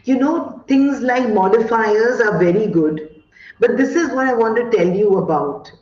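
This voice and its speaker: Lady teaching over a video call, slow and emphatic, roomy muffled audio. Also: fairly high pitch, expressive, darkish tone. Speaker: guest speaker on education. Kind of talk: online lecture to teachers.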